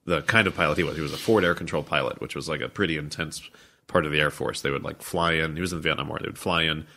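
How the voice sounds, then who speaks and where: Deep-voiced man, relaxed radio-style talk. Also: very fast. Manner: calm, low radio-style delivery, laughs often. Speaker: podcast guest. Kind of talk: casual conversation.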